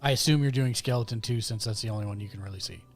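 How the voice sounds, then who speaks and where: A man's voice: on the low side, very fast, soft background music. A man running a tabletop game as game master, narrating the action steadily with small fillers.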